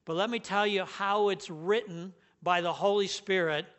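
Male pastor, high-pitched, emphatic sermon delivery. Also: fairly even intonation, normal speed, fairly bright tone. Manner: earnest, emphatic, stresses key words.

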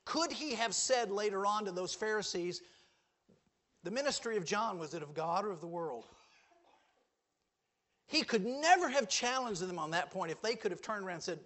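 A man preaching a sermon, quoting scripture with emphatic swings between loud declarations and hushed lines. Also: sits high, sing-song, unhurried.

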